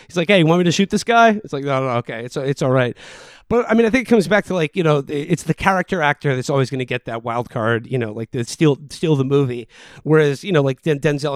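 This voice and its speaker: A man's voice: mid-range voice, dry recording, studio quality. A man hosting a podcast, talking casually about a film with many fillers and restarts. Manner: rambling, many fillers, laughs often. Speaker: podcast host.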